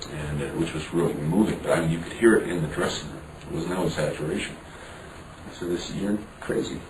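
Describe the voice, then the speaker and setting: A man being interviewed, telling a story frankly with some swearing and acting out what others said. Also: deep voice. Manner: frank, profane, acts out dialogue. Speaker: interview guest. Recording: roomy, distant mic, background noise.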